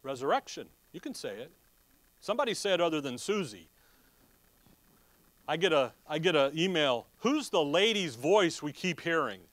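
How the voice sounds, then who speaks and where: A man's voice: a little high, sing-song, normal speed, a bit bright, no echo. A man preaching a Bible teaching sermon who asks his listeners questions and answers them himself, with joking asides. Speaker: pastor.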